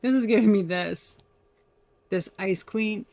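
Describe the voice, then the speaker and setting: A woman's voice: mid-range voice, a little slow, dark tone, no echo. Chatty laughing woman reading tarot. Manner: chatty, laughing often, addresses viewers as y'all. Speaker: tarot reader. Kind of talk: casual tarot reading to camera.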